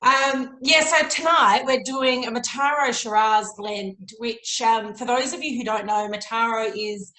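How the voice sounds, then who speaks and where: A woman's voice: fairly high pitch, unhurried, hardly any pauses, pushed and bright, reverberant, rough recording. A woman co-hosting a wine show, chatting in a bubbly, giggly way. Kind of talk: casual chat over audio only.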